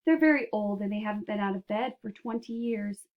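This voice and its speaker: A woman reading aloud and voicing an earnest, gentle young boy who tumbles over his words when excited. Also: medium pitch, a little fast, dull audio, lightly acted.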